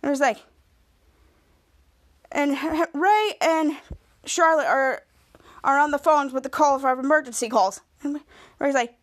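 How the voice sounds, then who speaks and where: High-voiced woman rambling through a recap. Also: unhurried, pauses often. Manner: rambling retelling with restarts, acting out quoted lines. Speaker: podcast host. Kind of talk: casual episode recap.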